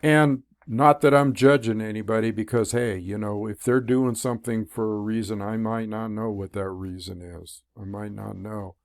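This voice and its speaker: A man's voice: on the low side, fairly even intonation, normal speed, hardly any pauses, no room sound. A man talking to the camera as a spiritual teacher, in a loose, rambling monologue full of fillers and restarts. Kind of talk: casual monologue. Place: room.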